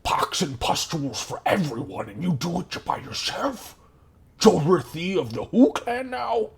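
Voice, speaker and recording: A man voicing a middle-aged male goblin guard with a snaggletooth, rough and incredulous. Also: high voice, sing-song, a little slow, pitched above the performer's own voice, heavily acted.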